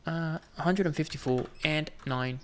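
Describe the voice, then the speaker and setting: A man's voice: on the high side, a little fast, fairly bright tone, slight background noise. A man giving casual, jokey commentary while playing a game, bantering with the customers on screen. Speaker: gaming video host.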